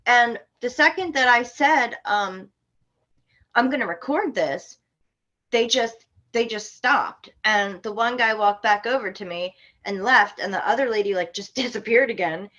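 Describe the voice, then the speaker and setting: A woman from Florida, a podcast guest, telling a story in an animated, indignant way with sharp outbursts. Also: a little high, moderate pace. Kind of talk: casual storytelling.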